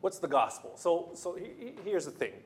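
A man's voice: high-pitched, very animated, normal speed, slight background noise. A man preaching a sermon as pastor, talking in a loose, conversational way with restarts and playful asides.

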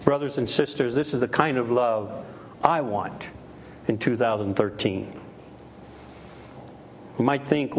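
A man's voice: mid-range voice, a little slow, pauses often, a little hiss or hum. A middle-aged man preaching a sermon with emphasis, repeating key phrases and acting out quoted voices. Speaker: pastor.

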